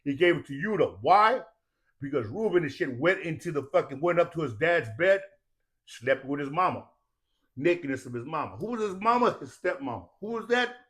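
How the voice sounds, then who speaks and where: A man's voice: a little high, lively intonation, a little fast, fairly bright tone. A man telling stories as a podcast guest in casual talk, profane and preachy, often stopping to ask if listeners understand. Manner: profane, preachy, keeps asking "you understand that?".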